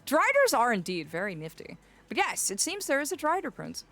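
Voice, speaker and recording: A woman's voice: sits high, wildly swooping pitch, brisk, sharp tone. A young woman streaming live in a fae persona, theatrical and fond, calling her viewers "my dear". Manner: theatrical, greets chatters fondly as "my dear".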